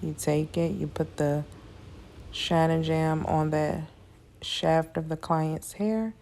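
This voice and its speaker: A woman's voice: low voice, fairly even intonation, slow, vocal fry, mellow. A tired woman giving a casual, chatty hair braiding tutorial, talking her viewers through each step. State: tired, yawning.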